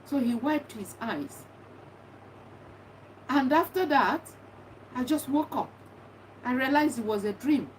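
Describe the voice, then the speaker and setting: Middle-aged woman, earnest testimony, fairly high voice, recorded from a distance with faint background noise. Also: lively intonation, slow pace, long pauses. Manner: earnest, repetitive, reflective. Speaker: speaker sharing personal grief story. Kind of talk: personal testimony monologue.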